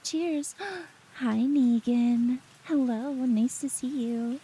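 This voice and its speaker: Soft-spoken giggly woman streamer. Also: fairly high pitch, steady tone, drawn-out words, slight background noise, low-quality recording. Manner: giggly, bubbly, greets chat often. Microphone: close ASMR microphone. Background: faint rain.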